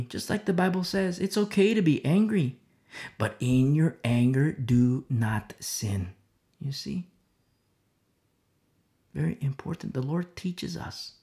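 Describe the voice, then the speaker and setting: A man preaching a sermon as pastor, swinging between loud emphatic lines and hushed near-whispers. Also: a little high. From America.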